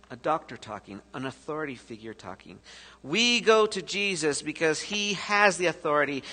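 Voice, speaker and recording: A man preaching a sermon as pastor, telling the story with sudden shifts between loud and soft. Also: a little high, lively intonation, normal speed. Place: church sanctuary. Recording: echoey church hall.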